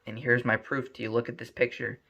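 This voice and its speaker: A man's voice: medium pitch, flat delivery, a little fast, lightly acted. A man voicing a loving mother who urgently and tenderly pleads with her son, on a muffled lo-fi recording.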